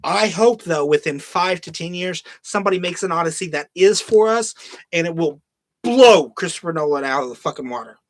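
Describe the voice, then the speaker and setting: A man's voice: a little high, lively intonation, fairly quick, no echo. A man hosting a podcast, ranting in casual, heavily profane commentary, now and then mocking film lines in a put-on voice. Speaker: podcast host.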